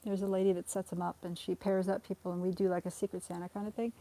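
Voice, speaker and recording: A young woman who livestreams cat rescue talks fast in a level, dark-toned voice, with slight background noise. At home, while her rescue cats play, she chats and giggles freely, cooing at them in a high, coaxing voice.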